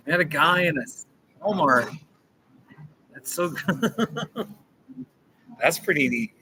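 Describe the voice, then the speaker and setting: Against a noisy background, a man with a slightly high, animated voice talks very slowly, leaving long pauses. He's a livestream host in a coffee shop corner, casually reading viewer comments, playful and chatty, echoing his own phrases with chuckles.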